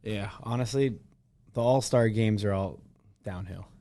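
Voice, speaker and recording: A man's voice: lowish voice, a little slow, warm tone. A man co-hosting a podcast, speaking in a laid-back, casual way with dry interjections. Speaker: podcast co-host. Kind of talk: casual chat.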